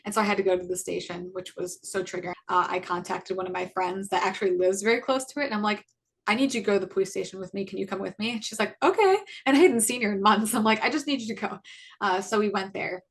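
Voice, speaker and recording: Talking fast, a woman in her 20s who co-hosts a podcast has a mid-range, gravelly voice that's a bit bright with a breathy edge and fairly even intonation. She casually relates something that happened to her, acting out the dialogue, chatty and peppered with likes and restarts.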